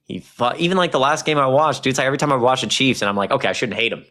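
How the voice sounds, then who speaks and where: A young man hosting a casual livestream, talking to chat in a rambling, animated way with plenty of swearing. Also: mid-range voice, rapid-fire. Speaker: streamer.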